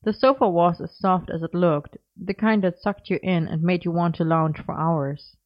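Woman reading a story, lowish voice, kinda muffled lo-fi audio. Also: normal speed. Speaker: audiobook narrator. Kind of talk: story narration. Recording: dull lo-fi recording.

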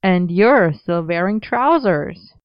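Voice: mid-range voice, lively intonation, takes it slowly, clean tone, no room sound, lo-fi sound. A narrator voicing a playful, teasing young man in a story reading, with a smug, sing-song way of talking. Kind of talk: audiobook reading of a romance story.

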